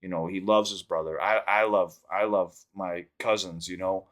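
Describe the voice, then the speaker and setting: A man hosting a reaction channel, rambling through a story and quick sign-off plugs in casual chat. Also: sits low, fairly even intonation, a bit bright.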